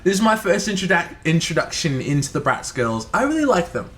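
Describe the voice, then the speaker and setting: A man's voice: high voice, very animated, fairly quick, fairly bright tone. A man from the United States talking through a casual game review vlog, rambling, profane and full of restarts. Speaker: video creator.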